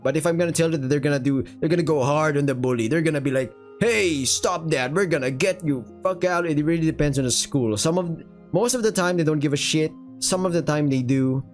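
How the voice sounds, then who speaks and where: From a room at home, with faint guitar playing in the background, a young man reviews a manga by reading it aloud, cursing casually and filling gaps with "uh." His voice is a little high and a little mellow, moving at a quick pace with few pauses.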